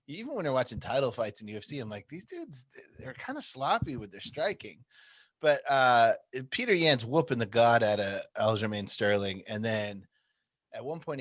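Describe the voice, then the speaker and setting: A man's voice: medium pitch, a bit bright, dry recording. A man co-hosting a podcast, telling rambling, profane stories in casual chat and laughing often. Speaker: podcast co-host.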